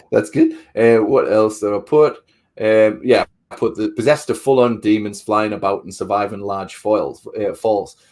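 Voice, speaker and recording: A man's voice: fairly low pitch, steady tone, moderate pace, a little mellow. A man co-hosting a casual film review chat. He swears often, acts out quotes, and repeats words while he thinks. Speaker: podcast co-host.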